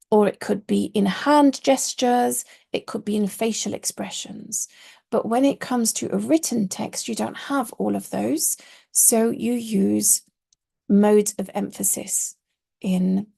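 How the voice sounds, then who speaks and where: Gravelly, husky woman teaching Arabic. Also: mid-range voice, warm tone. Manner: patient, explanatory, stresses key words. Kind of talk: online course lesson.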